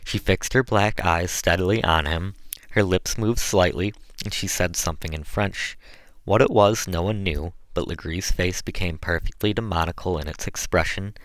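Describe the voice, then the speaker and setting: Male audiobook narrator, deep, measured, dry close recording. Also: dry recording.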